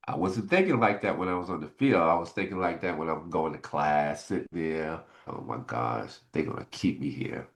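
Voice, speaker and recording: A middle-aged man, a former football player, telling stories in a casual interview and getting animated as he recalls his frustrations. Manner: animated, jumps high in pitch when retelling frustration.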